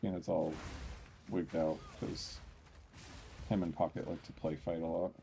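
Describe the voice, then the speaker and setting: A man's voice: rumbling low, measured pace, gravelly, a little hiss or hum. A man chatting casually on a live game stream from his home office. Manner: relaxed, talks to chat and his cat.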